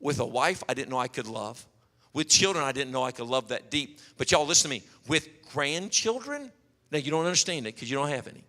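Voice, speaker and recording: A man preaching a sermon, telling animated stories and acting out quotes. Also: mid-range voice, brisk. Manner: storytelling, animated, acts out quotes. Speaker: pastor. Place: church hall. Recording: long hall reverb.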